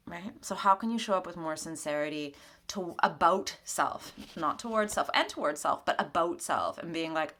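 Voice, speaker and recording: A woman spiritual mentor giving a weekly tarot reading at her home altar, speaking gently and conversationally, often laughing. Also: on the low side, normal speed.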